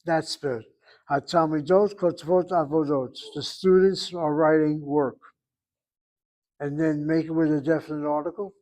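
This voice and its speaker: A man's voice: a little high, fairly even intonation, darkish tone, low-quality recording. A man teaching an online Hebrew class, correcting students precisely and spelling out syllables carefully. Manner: over-articulates words slowly.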